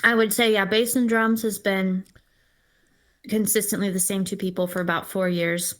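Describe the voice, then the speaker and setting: A Los Angeles-based singer-songwriter appears as a guest in a casual interview, telling stories enthusiastically while talking with her mouth full. Her mid-range voice has a flat delivery at a normal speed.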